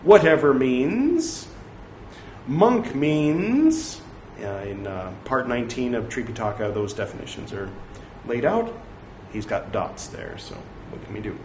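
A man's voice: mid-range voice, slight background noise. A man reading scripture aloud in translation, breaking off for wry, joking asides. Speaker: reader of scripture. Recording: roomy echo, faint ambience.

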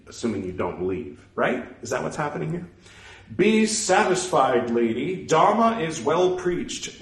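A man reading a religious text aloud, speaking punctuation marks and stopping for casual musing asides. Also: mid-range voice. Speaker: scripture reader. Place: room at home. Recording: echoey room, mic far off.

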